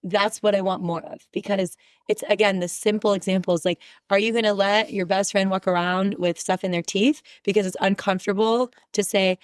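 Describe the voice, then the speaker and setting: A woman's voice: mid-range voice, fairly even intonation, moderate pace, clean tone, no echo, studio quality. A woman guest on a podcast who speaks candidly and with emphasis, sharing her views in casual conversation. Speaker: podcast guest, relationship expert.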